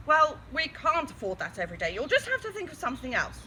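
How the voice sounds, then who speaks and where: A woman's voice: sits high, huge pitch swings, quick pace, pushed and bright, a little hiss or hum, pitched above the performer's own voice, full character voice. A woman voicing a bossy, blustering knight who barks commands in a storybook reading.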